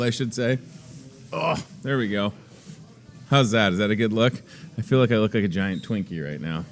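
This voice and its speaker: A man's voice: mid-range voice, fairly bright tone. A man in his thirties hosting a live store segment, chatty and joking about himself as he talks with a guest. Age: 30s. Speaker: host. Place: inside a grocery store.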